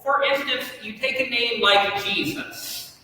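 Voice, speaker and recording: A man teaching a Bible class from slides, explaining in a lively, self-joking way. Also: very high voice, a little slow, slight background noise. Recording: echoey hall from far off.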